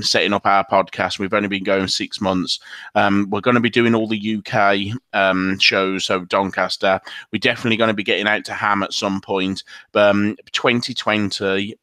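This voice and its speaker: A man's voice: lowish voice, sharp tone, no echo. A man with a British accent, co-hosting a podcast and chatting casually, plugging the show. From United Kingdom. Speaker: podcast co-host.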